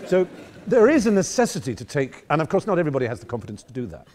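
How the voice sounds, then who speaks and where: A man's voice: on the high side, sing-song, rapid-fire, a little mellow. A man in his fifties with an English accent, giving an erudite, wry, digressive speech to a debating society audience. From England. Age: 50s. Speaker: guest speaker.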